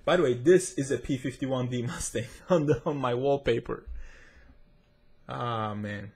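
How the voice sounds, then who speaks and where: Speaking with a non-native accent he describes himself, a male gaming tech reviewer rambles chattily to viewers while playing and testing a game. His mid-range voice is a little mellow and moves a little slowly.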